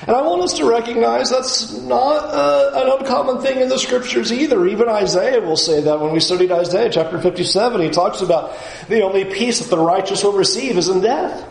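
A man teaching through a Bible passage in an earnest way, dropping low and soft when he quotes scripture. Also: brisk, gravelly, reverberant, poor audio. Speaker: preacher.

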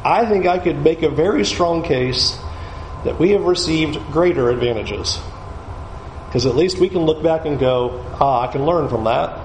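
A man preaching a sermon, rising loud on emphasis and dropping low and quiet to drive points home. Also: roomy sound, a little hiss or hum. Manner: swings from loud rising emphasis to low quiet pleading, slows on key words.

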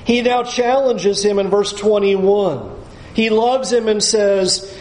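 High-voiced male pastor, echoey sermon. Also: slow. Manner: lively, animated, breaks into acted quotes.

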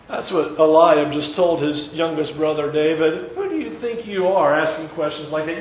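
A man preaching, retelling a story with lively, acted-out dialogue. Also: a little high, measured pace, pauses often, roomy sound, highs cut off. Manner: animated retelling, acting out quoted characters. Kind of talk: sermon storytelling.

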